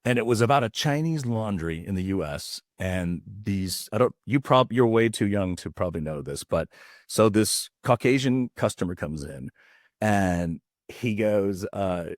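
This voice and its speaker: Lively low-voiced American man telling stories. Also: a little slow, no room sound, studio quality. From United States. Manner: animated, acts out voices while telling stories. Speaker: actor, podcast guest. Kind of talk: casual interview storytelling.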